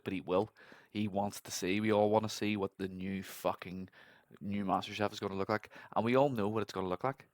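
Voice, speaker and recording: A man talking with a low voice and a blunt, ranting manner, swearing freely as he reacts to a clip. The sound is close and dry, with no room around it. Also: steady tone, brisk, no echo. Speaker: podcast host reacting to a clip. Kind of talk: casual commentary.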